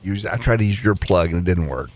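A man's voice: low-pitched, lively intonation, fast talker. A man on a radio show's crew who is easygoing and apologetic while chatting on air. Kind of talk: casual studio banter.

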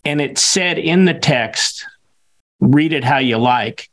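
A man's voice: mid-range voice, takes it slowly, a bit bright. A man co-hosting a talk show, talking in a hesitant way with many fillers. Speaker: co-host. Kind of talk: casual talk show chat.

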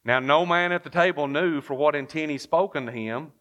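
A man's voice: fairly high pitch, brisk, a bit bright, dull audio. A man preaching a sermon, telling the story with lots of rhetorical questions and reading King James verses aloud.

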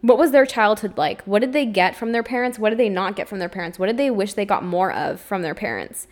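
A woman's voice: mid-range voice, a little fast. A young adult woman hosting a solo podcast, talking openly and emotionally, with a lot of "like" in her speech. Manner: emotional, open, says "like" often. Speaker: podcast host. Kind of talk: candid solo podcast monologue.

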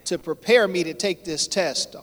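A man preaching a sermon, repeating phrases and swelling louder on his key points, with a folksy way of addressing the congregation. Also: sits high, normal speed. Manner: folksy, addresses crowd as y'all. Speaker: pastor. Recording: long hall reverb.

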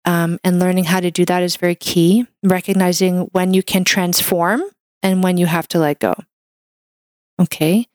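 A woman's voice: fairly low pitch, little pitch movement, moderate pace, darkish tone, no room sound, studio quality. A woman hosting a wellness podcast, talking in a heartfelt, encouraging way and filling her speech with "like" and "you know". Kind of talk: casual monologue.

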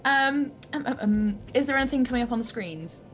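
A woman playing a tabletop game, thinking aloud about her character in an excitable way with many fillers. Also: fairly high pitch, brisk, a little hiss or hum. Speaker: player. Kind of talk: tabletop game player talk.

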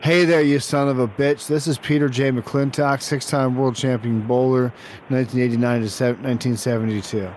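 A man's voice: mid-range voice, steady tone, fairly quick, darkish tone, a little hiss or hum, pitched below the performer's own voice, close to an everyday voice. A man prank calling as a brash, bossy self-proclaimed bowling champion. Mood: demanding. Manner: bossy, demanding, rude. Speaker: prank caller.

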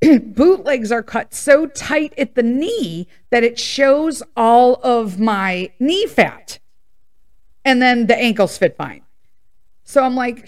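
A woman's voice: on the high side, slow. A middle-aged woman hosting a casual podcast, telling a personal story in a blunt, profane, ranting way and acting out the other people's lines. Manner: profane, blunt, animated ranting with acted-out quotes. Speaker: podcast host.

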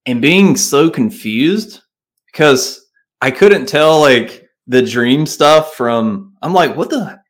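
A man's voice: medium pitch, animated, slow. A man with a Southern accent, co-hosting a podcast in a laid-back, rambling casual chat. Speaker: podcast co-host.

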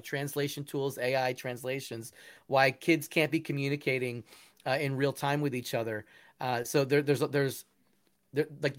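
A man talking as an interview guest, earnest and enthusiastic, often restarting his sentences. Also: on the high side. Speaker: guest, musician and education founder. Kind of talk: casual interview talk.

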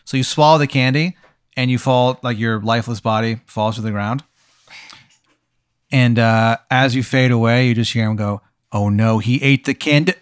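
A young man narrates an improvised comedy tabletop game as game master. He rambles, with frequent fillers and restarts. His voice sits at a middle pitch and is recorded dry and close. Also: steady tone, moderate pace, clear, resonant tone, no echo.

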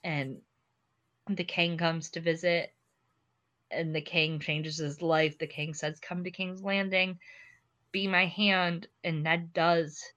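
A woman's voice: lowish voice, little pitch movement, takes it slowly, a bit bright, dull audio. A tipsy woman co-hosting a casual podcast chat, gushing and laughing often as she talks. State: tipsy from drinking. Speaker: podcast co-host.

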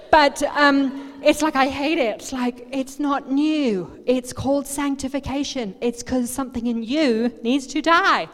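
A woman pastor preaching a sermon, swinging from quiet asides to loud, animated outbursts. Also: high-pitched, unhurried. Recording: long hall reverb.

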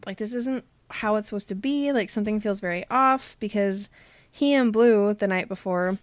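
A woman of middle pitch chats casually as a podcast host, recounting a story in an animated way and slipping into quick quoted voices. The sound is dry and close, with little room to it. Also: no echo. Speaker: podcast host recapping a book. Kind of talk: casual chat.

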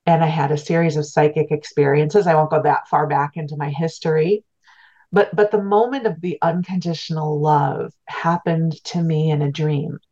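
This middle-aged woman, a spiritual teacher and interview guest, earnestly relates a personal story in a low, dark voice with a steady tone and moderate pace. She's reflective, often restarting and repeating words, and the sound is dull lo-fi.

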